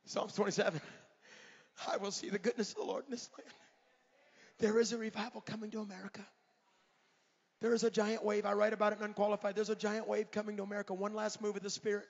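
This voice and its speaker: A middle-aged man, an evangelist, preaching a fiery revival sermon in a large church, often shouting and counting down. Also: high-pitched, little pitch movement, fast, gravelly, long pauses. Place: large church sanctuary at a conference. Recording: echoey church hall, dull lo-fi sound.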